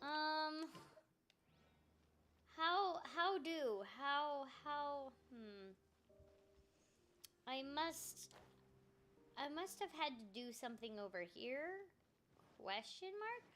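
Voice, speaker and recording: A woman's voice: sits high, lively intonation, drawn-out words, long pauses, fairly bright tone, slight background noise. A young woman voice actor chatting casually while playing a game, muttering to herself and joking about her own confusion. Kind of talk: casual gameplay chat.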